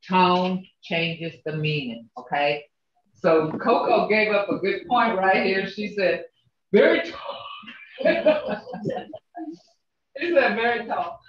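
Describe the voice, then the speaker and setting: A man teaching a language class over a video call, slowly repeating words to show how tone changes meaning. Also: high-pitched, fairly bright tone, a little hiss or hum. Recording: roomy, dull video call audio.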